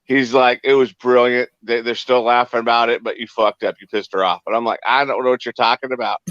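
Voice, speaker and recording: A man hosting a casual chat stream, telling stories in a laid-back, drawn-out way. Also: medium pitch, flat delivery, a bit bright, no room sound, dull audio. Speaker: stream host.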